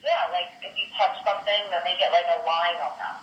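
A woman's voice: lowish voice, fairly even intonation, brisk, roomy sound, slight background noise. A woman talking with her young child on a casual phone call, patient and reassuring.

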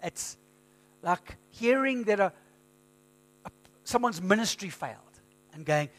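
A man preaching a sermon as pastor, in a conversational storytelling manner with lively quoted asides. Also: high voice, a little slow, long pauses. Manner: conversational storytelling, animated quoting.

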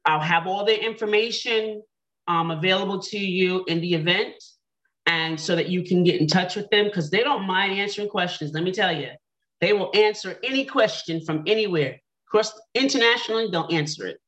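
A middle-aged woman hosts an online panel and talks it through in a lively way. She tells her own story and acts out what she was thinking along the way. Her voice sits a bit low. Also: normal speed, muffled recording. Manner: animated storytelling, quotes her own thoughts. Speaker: panel host.

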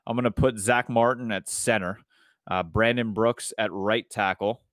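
A man's voice: fairly low pitch, steady tone, moderate pace, a bit bright, dry recording, clean studio sound. A married man co-hosting a casual sports podcast, telling stories in a laid-back way. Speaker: podcast co-host.

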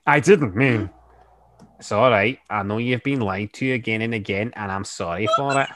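A man's voice: lowish voice, fairly quick, bright, forceful tone. A man hosting a comic podcast, reading a book aloud and bantering in a dry, mock-serious way.

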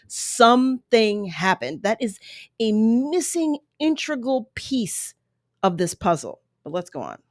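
A woman's voice: a little high, big pitch swings, unhurried, dry recording. An earnest woman talks her viewers through a clip, taking her time and swinging her voice up and down as she makes each point. She sounds emotional and a little apologetic, recorded dry and close with no room sound. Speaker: video commentator. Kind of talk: reaction commentary on a clip. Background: baby making noises.

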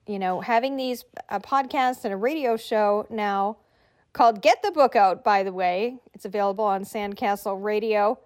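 A middle-aged woman hosting a podcast, giving writers friendly, conversational tips. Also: on the high side. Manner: encouraging, conversational, tells listeners what to do. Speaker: podcast host and writing coach. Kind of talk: instructional podcast talk.

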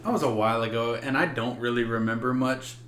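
A man co-hosting a podcast in casual chat, laid-back and quick to laugh. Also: mid-range voice, fairly bright tone, reverberant, a little hiss or hum. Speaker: podcast co-host.

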